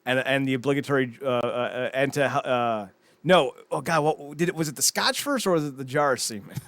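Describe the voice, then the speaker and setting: A man co-hosting a podcast, casually retelling a TV episode in a rambling, animated way with many restarts. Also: mid-range voice, brisk, no echo. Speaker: podcast co-host. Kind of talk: casual chat recapping a TV episode.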